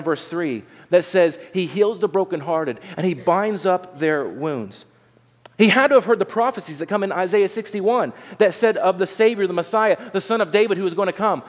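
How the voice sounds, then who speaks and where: A man preaching a sermon, animated, acting out the voices of the people in the story. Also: fairly high pitch, big-room sound. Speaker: pastor.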